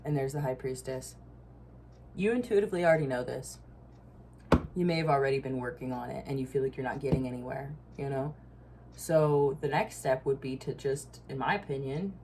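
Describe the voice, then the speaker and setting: A woman's voice: a bass voice, brisk, noisy background. A woman giving a casual tarot reading, blunt and profane, with frequent asides and laughs. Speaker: tarot reader.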